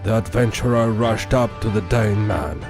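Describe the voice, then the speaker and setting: A theatrical fantasy-tale narrator. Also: male voice, lowish voice, normal speed, gravelly. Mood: dramatic. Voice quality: forced old-fashioned accent. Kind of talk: trailer voiceover narration. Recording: voiceover with loud music bed.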